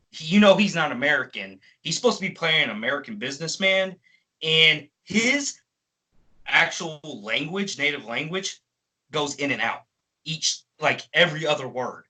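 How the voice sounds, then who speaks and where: A man's voice: a little high, sharp tone, low-quality recording. A man giving a profane, exasperated ranting movie review as a film reviewer.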